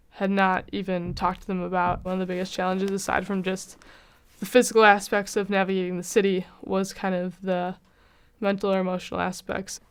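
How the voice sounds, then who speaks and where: Young american college woman telling her story, super smooth clear voice, pretty flat and even, candid. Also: medium pitch. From United States. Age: young adult. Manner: reflective and candid, with frequent "kind of" hedges. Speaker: university student. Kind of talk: personal testimonial.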